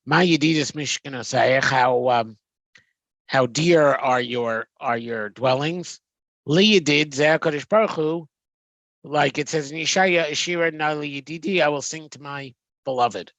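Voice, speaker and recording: A man's voice: on the high side, a little slow, fairly bright tone, no echo. Hesitant man translating text aloud. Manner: reads Hebrew phrases then translates, hesitant with frequent ums. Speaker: Torah teacher. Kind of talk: text-study lecture.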